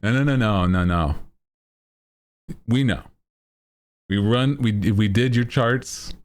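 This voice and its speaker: A man voicing a blunt male doctor who teases a patient in a mock-serious way, a little higher than his own voice. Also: slow pace, slight background noise. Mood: mock-concerned.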